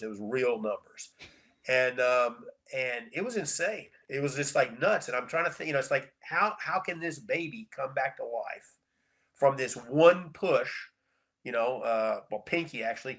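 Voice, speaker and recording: A middle-aged man, a chiropractor guest on a podcast, telling stories in a casual, animated way and repeating words for emphasis. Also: medium pitch. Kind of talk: casual storytelling interview.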